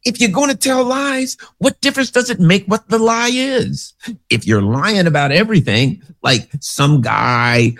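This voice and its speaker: A man's voice: high voice, animated, a little slow, fairly bright tone. A man giving casual political commentary, rambling through sarcastic anecdotes.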